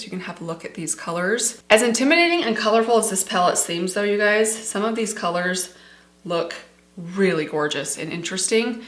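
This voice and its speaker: A middle-aged woman vlogger talks casually and enthusiastically while doing her makeup. Her voice sits at an ordinary pitch. The room around her rings with noticeable echo. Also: a bit bright. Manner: chatty, enthusiastic, addresses viewers as "you guys". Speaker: beauty vlogger. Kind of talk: casual makeup tutorial chat. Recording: echoey room.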